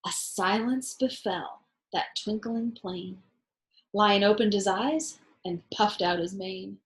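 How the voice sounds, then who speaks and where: A woman teacher reading a rhyming picture book aloud to children, expressive and asking them questions. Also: medium pitch, poor audio. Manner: slow, expressive, asks listeners questions. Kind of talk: children's storybook read-aloud.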